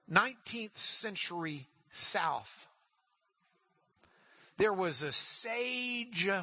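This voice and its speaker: Male Bible class teacher, animated and emphatic, repeats words when excited; lively delivery, dry close sound. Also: sits high, dry recording.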